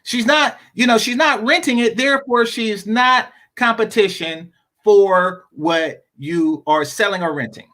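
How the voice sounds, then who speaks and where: A man's voice: high-pitched, a little slow, pushed and bright. A man hosting a live-stream talk show, giving blunt, rambling commentary with many repeated words. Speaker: show host.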